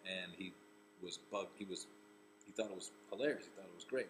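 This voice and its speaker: A low-voiced man from Rhode Island, a comedian and actor, tells a personal story in a loose, casual way. He rambles, circling back and restarting phrases as he goes, with a faint hiss of noise behind him. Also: steady tone, brisk, a bit bright, rough recording.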